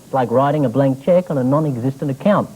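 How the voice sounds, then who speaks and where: A man's voice: medium pitch, fast. A man hosting a topical comedy quiz show, delivering scripted jokes with wry mock seriousness. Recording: noisy old TV broadcast recording.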